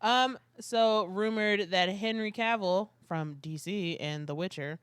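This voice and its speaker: Woman co-host, chatty and opinionated, middle pitch, dry sound. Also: unhurried, a bit bright, smooth, no room sound. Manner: chatty, opinionated, laughs along. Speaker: podcast co-host. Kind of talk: casual chat.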